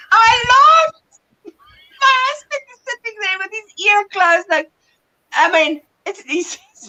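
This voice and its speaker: A woman with a South African accent hosting a casual livestream chat, telling stories with animated bursts of laughter. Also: very high voice, slow pace, low-quality recording. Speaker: livestream host.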